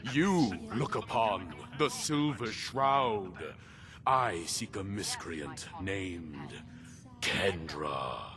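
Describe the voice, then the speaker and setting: A man's voice: low-pitched, animated, very slow, over music, heavily acted. A man voicing a grandiose vigilante hero who speaks in a pompous, theatrical way.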